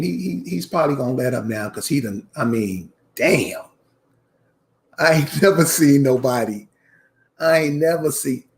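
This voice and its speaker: Fairly high-pitched and full of vocal fry, this male channel host rants casually to his audience. He preaches with emphasis, says lines more than once, and addresses everyone as "y'all."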